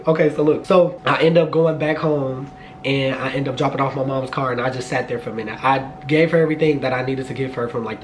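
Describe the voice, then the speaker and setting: A man in his twenties telling a storytime vlog, animated and profane, jumping into high excited outbursts. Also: a little hiss or hum. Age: 20s. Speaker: vlogger.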